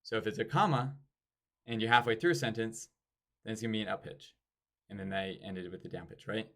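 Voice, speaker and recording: Young guy, lowish voice, casual sales coaching, acts out door pitches to show emphasis. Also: gravelly, a bit bright. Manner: demonstrates pitch and pauses in sample sales lines. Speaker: sales trainer. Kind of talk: casual training talk.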